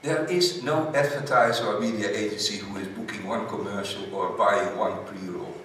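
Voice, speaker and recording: A man's voice: lowish voice, moderate pace, a bit bright, a little hiss or hum. A man whose first language is Dutch gives a conference talk in English, emphatic with short slogan-like points. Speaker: conference speaker. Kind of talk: conference presentation. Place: large conference hall. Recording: echoey hall, speaker far from mic.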